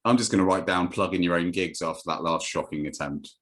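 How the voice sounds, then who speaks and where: A man hosting an interview, teasing his guest with dry, deadpan humor over a video call. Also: sits low, fairly quick. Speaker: host. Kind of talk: casual interview chat.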